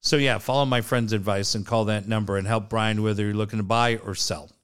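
A man's voice: lowish voice, steady tone, a little fast, clear, resonant tone. A man co-hosting a radio show, telling stories casually and swearing freely while doing sponsor reads. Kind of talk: casual chat with live reads.

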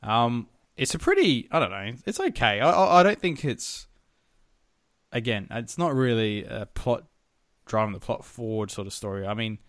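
A man's voice: mid-range voice, very animated, normal speed, fairly bright tone, no room sound, clean studio sound. An Australian man hosting a podcast, telling stories in a rambling, profane way. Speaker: podcast host. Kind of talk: casual podcast chat.

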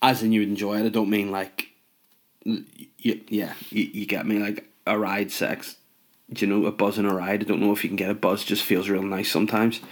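Man, low-pitched, rambling comic monologue, sardonic, swearing. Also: level tone, brisk. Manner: sweary, sardonic, mumbling asides. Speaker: comedic monologue host.

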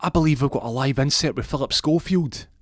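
A man plays a cocky, bossy hostage-taker, speaking a little fast in a mid-range voice pitched above his own natural voice, which still sounds natural. The recording is dry and clean, with studio quality.

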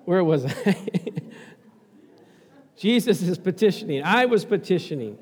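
Brief: a chuckling, expressive male preacher, high-pitched, sermon in a reverberant church. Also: measured pace, breathy edge. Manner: laughing, animated, talks back to the congregation.

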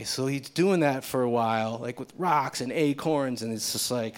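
At a live reading series, a man tells a personal story casually and profanely, acting out the voices of the people involved. His voice is medium-pitched at a moderate pace.

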